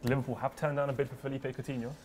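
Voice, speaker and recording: Rapid, teasing man. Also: mid-range voice, a little hiss or hum. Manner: animated, teasing, street slang. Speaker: co-host. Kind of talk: casual football debate. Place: office.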